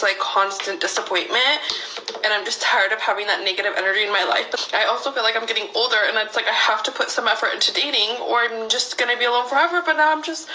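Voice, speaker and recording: A woman's voice: on the high side, bright, forceful tone, a little hiss or hum, low-quality recording. A woman talking wearily and candidly in a confessional vlog. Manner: weary, candid. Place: in a car.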